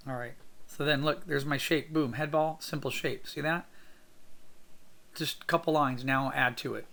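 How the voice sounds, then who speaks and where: Male art instructor, casual tutorial talk, raspy fry in the voice, positive and chatty. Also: fairly high pitch, steady tone, moderate pace, pushed and bright. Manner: upbeat, encouraging, thinks aloud with fillers. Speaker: art teacher sketching on camera. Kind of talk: casual drawing tutorial narration.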